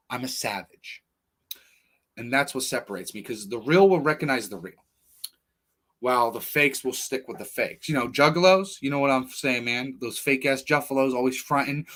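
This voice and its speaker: Speaking in a mid-range voice with a fairly bright tone, a male livestream host rambles through personal anecdotes. The monologue is casual, blunt, and full of swearing.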